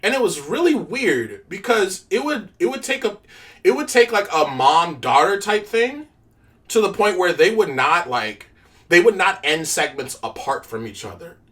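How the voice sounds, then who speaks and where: A woman's voice: on the low side, big pitch swings, moderate pace, fairly bright tone, far from the mic. A woman co-hosting a casual podcast chat, blunt, profane and opinionated. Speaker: podcast co-host.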